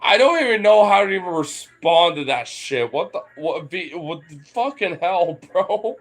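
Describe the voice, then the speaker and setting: A man's voice: high-pitched, expressive, moderate pace. A young man talking playfully to his dogs, teasing them and swearing as he goes. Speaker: dog owner vlogger. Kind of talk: casual talk to his dogs.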